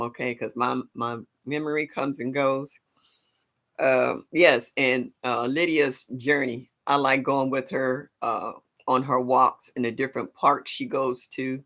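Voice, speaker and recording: An older woman, hosting a casual live stream and chatting with her viewers. She laughs often, and her voice leaps high whenever she greets someone. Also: fairly bright tone. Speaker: livestream host.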